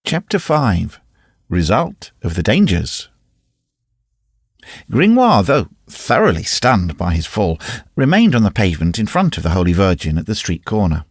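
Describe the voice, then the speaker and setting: A man reading a classic novel aloud as an audiobook narrator, in an expressive, varied reading. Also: fairly low pitch, measured pace, breathy edge, no room sound, clean studio sound. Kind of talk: scripted narration.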